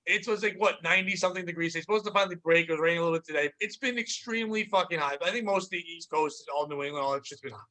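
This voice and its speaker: A man hosting a comedy podcast, telling profane, animated stories and acting out customers. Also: fairly high pitch, rapid-fire, hardly any pauses. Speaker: podcast host and stand-up comedian. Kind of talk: casual comedic storytelling.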